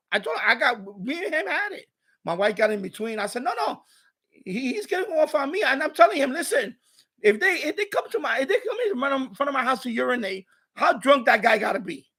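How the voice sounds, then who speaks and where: A man hosting a casual live stream, telling a story in an animated, ranting way and chatting with viewers. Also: very high-pitched, fast talker, slightly rough.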